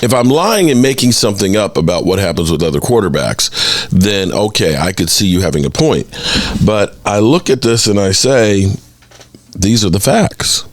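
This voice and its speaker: Hosting a sports podcast, a man with a lowish voice delivers opinionated, exasperated commentary at a moderate pace. He's animated, pushing back at critics and mocking them in exaggerated voices.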